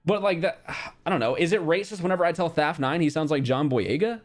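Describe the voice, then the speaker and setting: A young man with a rather high voice talks fast while streaming casually, with faint music behind him. He reacts bluntly to a quiz, swears often, and reads out the chat.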